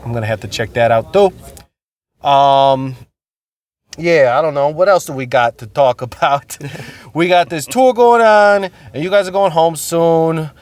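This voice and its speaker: A man's voice: a little high, a little slow. A man hosting a podcast in casual chat, laid-back, swearing often and laughing a lot. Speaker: podcast host.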